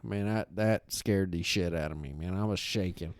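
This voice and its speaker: A man's voice: low-pitched, moderate pace, smooth, dry recording, clean studio sound. Profane, rambling man telling stories. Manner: rambling, profane, animated storyteller. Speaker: podcast co-host. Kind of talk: casual storytelling chat.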